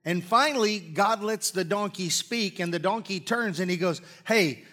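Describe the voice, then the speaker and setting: Man, pastor, folksy sermon, high voice, throat clearing, church mic. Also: normal speed, bright, forceful tone. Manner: folksy, joking asides, coughs and clears throat. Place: church sanctuary with congregation. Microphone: live-streamed stage mic.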